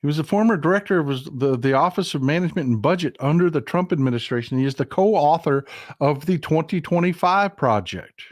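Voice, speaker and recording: A man's voice: fairly high pitch, lively intonation, a little fast, no room sound, clean studio sound. A man hosting a political commentary livestream, talking emphatically, repeating himself and restarting his sentences.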